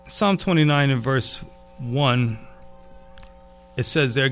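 A man preaching a sermon, animated and casual, dropping to a hushed tone for emphasis. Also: medium pitch, takes it slowly, pauses often, soft background music. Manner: animated, drops to a hush for emphasis. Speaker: pastor.

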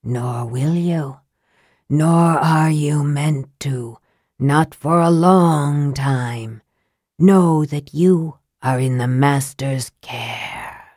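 A woman voicing a ghostly wraith messenger with a dry, soft, ashen voice, speaking slowly and ominously. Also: low voice, dry recording, voice pushed down, full character voice. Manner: slow, hushed, ominous delivery.

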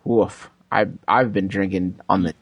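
A man's voice: low-pitched, steady tone, measured pace, breathy edge, dry recording. A man co-hosting a comedy podcast, giving joking advice in casual chat and laughing often. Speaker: podcast co-host.

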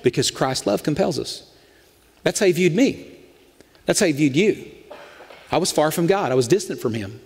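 High-voiced pastor preaching. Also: male voice, lively intonation, normal speed, long pauses, breathy edge, long reverb tail. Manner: folksy storytelling, emphatic preaching. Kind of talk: sermon.

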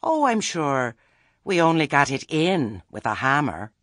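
A man doing a dour, deadpan old woman. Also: fairly high pitch, a little slow, no echo, studio quality, voice pushed up. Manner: dark and deadpan. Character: dour, dry-witted old village woman.

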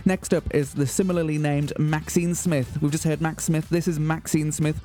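Mock-grand mellow radio host man. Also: fairly high pitch, flat delivery, normal speed. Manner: mock-grand, earnest announcer delivery. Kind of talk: deadpan comic radio presenting. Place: community radio studio.

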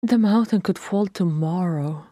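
A woman reader voicing a brash, loud younger sister who teases gleefully, in a fan-read audiobook. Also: fairly low pitch, a little slow, no echo, clean studio sound, voice pushed up. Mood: earnest.

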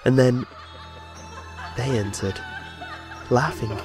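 A man's voice: medium pitch, steady tone, takes it slowly, music in the background. A man narrating a horror story in a dramatic, scripted way. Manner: dramatic storytelling with voiced dialogue.

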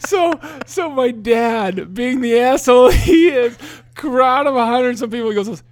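A man's voice: very high-pitched, expressive, unhurried, dry recording. A young man hosting a podcast, telling a story casually, often laughing and swearing as he talks. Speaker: podcast host.

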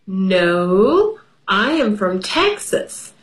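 A woman voicing a polite new schoolboy from Texas, speaking slowly and matter-of-factly in a storybook reading. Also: medium pitch, big pitch swings, rough recording.

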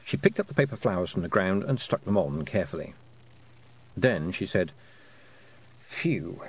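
A man narrating an audiobook with expressive storytelling. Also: sits low, fairly quick, husky. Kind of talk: scripted narration.

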